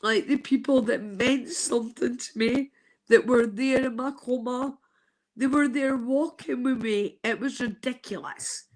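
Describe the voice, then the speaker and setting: A woman's voice: fairly high pitch, unhurried, a little mellow. A woman in her fifties gives an earnest, heartfelt testimony on a live stream, swearing casually as she talks. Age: 50s. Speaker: guest sharing a personal testimony.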